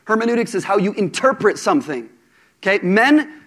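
High-voiced man preaching a lively sermon. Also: fairly quick. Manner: animated, conversational preaching with humor.

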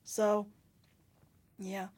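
A young adult woman co-hosting a podcast, who talks hesitantly in casual chat and trails off into quiet asides. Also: mid-range voice, completely flat delivery, drawn-out words.

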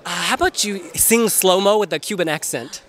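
A woman interviewer asking questions in a bubbly, exclamatory way, quick to laugh. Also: medium pitch. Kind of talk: casual interview chat.

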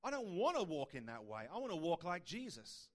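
Brief: male pastor, fairly high voice, chatty preaching with rhetorical questions. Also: huge pitch swings, fairly quick. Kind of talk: sermon.

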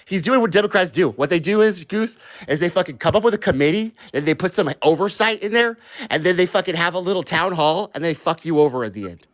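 A man's voice: sits high, expressive, fast talker, few pauses. A young man hosting a casual political chat, sarcastic and profane. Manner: sarcastic, profane, mocking voices.

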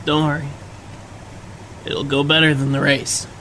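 A man's voice: on the high side, monotone, a little slow, sharp tone, a little hiss or hum. A man playing a tabletop role-playing game, joking and casual. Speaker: player.

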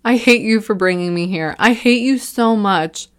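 A woman's voice: medium pitch, moderate pace, lightly acted. Horror story reading: a bitter, panicked young man near tears, voiced by a woman narrator.

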